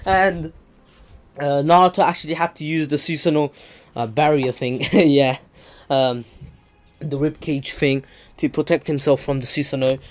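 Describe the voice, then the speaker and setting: A man's voice: a little high, fairly even intonation, normal speed. A man casually retelling a fan story on his channel, loose and rambling with many ums and restarts. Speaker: channel host.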